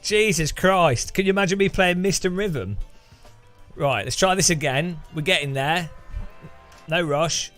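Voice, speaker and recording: Fairly high-pitched and unhurried, this man's voice has a fairly bright tone over soft background music. He chats loosely with viewers while streaming a racing game, rambling, teasing himself, and chuckling frequently.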